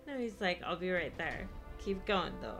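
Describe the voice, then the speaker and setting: A woman's voice: fairly low pitch, lively intonation, moderate pace, over music. A woman co-hosting a podcast, cutting in with teasing, wry remarks. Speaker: podcast co-host. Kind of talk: casual chat.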